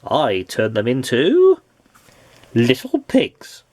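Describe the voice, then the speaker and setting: A stern storybook wizard who scolds bad manners and slows down to threaten, as a man voices him while reading aloud. His voice is husky and lively in pitch, heard up close and dry. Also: dry recording, heavily acted. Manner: stern, deliberate. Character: stern magical wizard who punishes rudeness.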